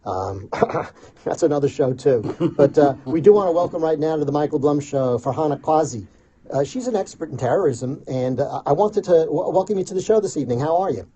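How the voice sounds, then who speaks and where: A man hosting a radio talk show, rambling in casual chat with quick self-deprecating asides. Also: on the high side, expressive, mellow, slightly rough.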